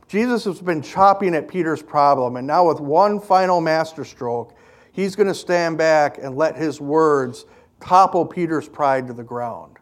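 A man preaching a sermon as a pastor, in an earnest, emphatic storytelling manner. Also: fairly high pitch.

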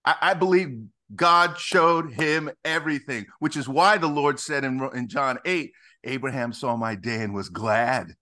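A middle-aged man, a ministry founder, talking as a guest in a podcast interview with emphatic, animated, preacherly storytelling. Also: medium pitch, unhurried.

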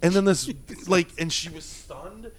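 Animated storytelling man, profane. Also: high-pitched, unhurried. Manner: animated, profane, acts out quotes with loud jumps. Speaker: former bouncer telling stories. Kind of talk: casual storytelling chat.

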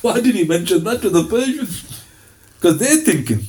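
A man giving a lively, conversational sermon and often slipping into quoted voices. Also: high-pitched, normal speed, low-quality recording. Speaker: Islamic preacher.

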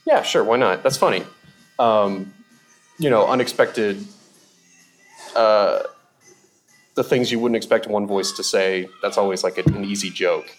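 Young male comedy guest, fairly low voice, rambling and animated, casual podcast chat. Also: measured pace, pauses often, soft background music. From Seattle. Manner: rambling, animated, lots of fillers and laughs.

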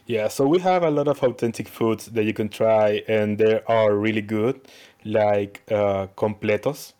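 A man's voice: fairly low pitch, measured pace, a little mellow, clear, resonant tone. A man from Chile, a guest on a podcast, chatting casually and plainly.

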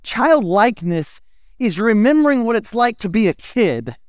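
High-voiced, playful pastor preaching. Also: male voice, normal speed, clean tone, no room sound, studio quality. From United States. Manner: animated, playful storytelling. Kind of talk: sermon.

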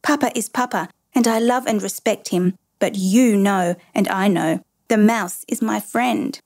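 A woman's voice: medium pitch, unhurried, darkish tone, lightly acted. A woman voicing an eager, cheeky young boy in a storybook reading. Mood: pleading. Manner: eager, innocent.

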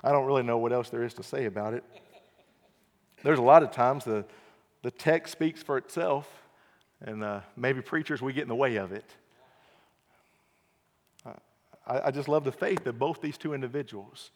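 A man preaching an earnest evening sermon, repeating key phrases and swinging from quiet to loud emphasis. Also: medium pitch, moderate pace, pauses often. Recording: long hall reverb.

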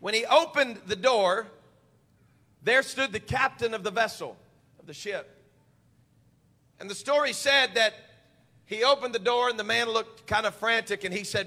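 A man preaching a fervent sermon, building up to shouts. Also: high-pitched, moderate pace, pauses often, in a large hall.

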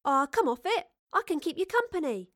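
A woman voicing Astrid, a cheeky, lively young woman with an informal, bouncy way of talking. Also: high-pitched, a little fast, no echo, clean studio sound, voice pushed up, full character voice.

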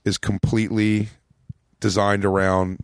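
A comedian in his late thirties from Philadelphia talks through a long story, lurching between voices for the people in it. His voice sits a little low, and the recording is dry and close. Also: unhurried, clear, resonant tone, no room sound. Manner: rambling, animated storyteller acting out quotes. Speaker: comedian guest. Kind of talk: casual storytelling chat.

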